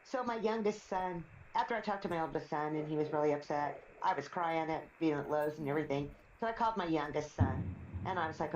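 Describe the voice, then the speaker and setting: A woman's voice: low voice, fairly quick, darkish tone, a little hiss or hum. A middle-aged woman chatting casually on a live stream, rambling through stories and laughing often. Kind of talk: casual chat. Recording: roomy, slightly dull stream audio.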